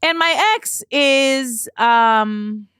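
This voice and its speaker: A woman podcast host tells a personal story in an unhurried, measured way. She pauses and restarts often as she searches for words. The sound is dry and close, with no room echo at all. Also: high voice, fairly bright tone, clear, resonant tone. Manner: slow, reflective, halting with restarts.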